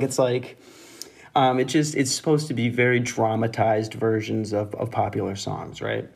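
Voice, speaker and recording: A man's voice: medium pitch, darkish tone. Rambling young man telling a story. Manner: rambling, profane, laughs at own jokes. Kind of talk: casual storytelling monologue.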